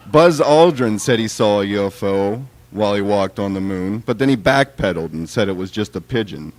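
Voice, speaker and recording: A man giving a live reading of his own poems in a wry, deadpan, conversational way. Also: lowish voice, a little fast, hardly any pauses.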